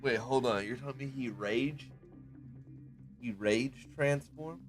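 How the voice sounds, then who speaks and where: A man playing a tabletop game, making wry, quick asides in casual chat. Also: medium pitch, faint music behind. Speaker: player.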